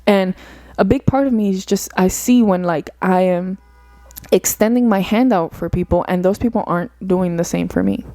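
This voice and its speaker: A young woman musing aloud on her own podcast, earnest and rambling, leaning on fillers as she thinks. Her voice sits a little low for a woman and has a soft, mellow tone. The sound is dry and close, with no room around it. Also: normal speed, dry recording. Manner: earnest, rambling, uses many fillers like "like" and "you know". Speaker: podcast host. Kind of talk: reflective solo podcast monologue.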